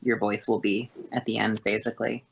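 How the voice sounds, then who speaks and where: A woman voice teacher explaining vocal exercises in a halting way, with many fillers and self-corrections. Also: a bass voice, little pitch movement, gravelly, noisy background.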